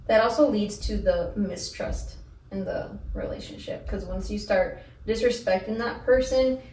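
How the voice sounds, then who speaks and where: A woman's voice: medium pitch, moderate pace, dark tone. A woman co-hosting a podcast in casual chat, a supportive listener who gives frequent short agreements. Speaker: podcast co-host. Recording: roomy and distant with faint background noise.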